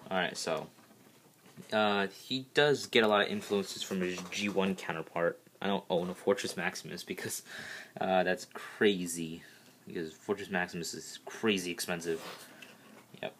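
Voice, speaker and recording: A man's voice: deep voice, normal speed, a little hiss or hum. A man casually reviewing and transforming his custom toy, eager and rambling, restarting with "all right, so" over and over. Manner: excitable, with bursts of delight.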